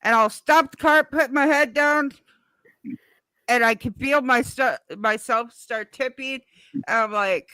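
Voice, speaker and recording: A woman's voice: a little high, slow pace, pushed and bright, smooth, no room sound. A woman guest on a live stream, telling a rambling story casually and swearing now and then.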